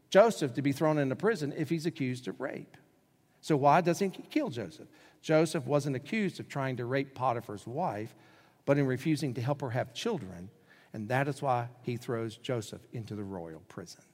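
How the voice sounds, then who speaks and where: A man preaching a sermon as a pastor, dramatic, swinging from loud emphatic lines to hushed ones. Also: medium pitch, long reverb tail.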